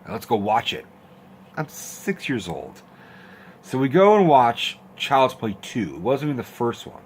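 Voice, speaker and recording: A young man telling a story in a casual, animated, profane rant, acting out quotes with squeaky voices. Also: a little hiss or hum. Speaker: host of a horror film rant channel.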